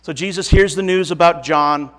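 A man preaches to his congregation with earnest, emphatic warmth. He talks in a casual, conversational way and often repeats phrases. His voice sits a little higher than most men's. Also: fairly even intonation, moderate pace. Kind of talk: sermon to a congregation.

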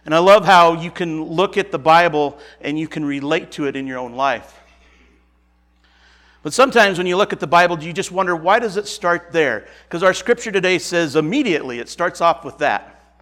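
Earnest, slightly high-voiced male preacher. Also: animated, moderate pace, fairly bright tone. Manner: earnest and emphatic, repeats phrases eagerly; casual, conversational asides. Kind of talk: sermon to a congregation.

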